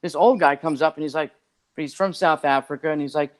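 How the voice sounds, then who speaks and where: A man who is a podcast guest, telling a long story in a rambling, animated way and acting out what other people said. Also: fairly high pitch, fast, clean tone. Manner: rambling and animated, acts out others' lines, many "like" fillers. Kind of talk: casual storytelling.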